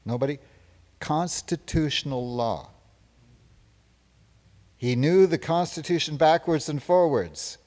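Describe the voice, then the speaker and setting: A boastful, rambling older president with a hippie streak, as a man plays him on stage. The voice sits a little high for a man and meanders from brag to brag. The sound carries a long hall reverb from a live stage. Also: slow pace, pauses often, darkish tone. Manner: boastful, rambling, self-praising. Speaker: stage performer in a one-man comedy show. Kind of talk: live stage parody monologue with audience questions. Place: stage before a live audience.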